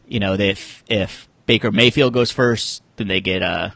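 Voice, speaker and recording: Gravelly-voiced man joking on a podcast. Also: lowish voice, fairly even intonation, moderate pace, fairly bright tone, dry recording. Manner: joking, loose storytelling. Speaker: podcast co-host. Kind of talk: casual podcast banter.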